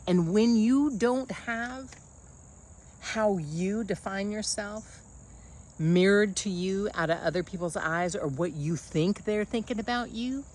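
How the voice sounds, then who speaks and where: A woman's voice: mid-range voice, takes it slowly, a little mellow. A woman coaching in a casual motivational monologue, blunt and folksy, calling the listener honey.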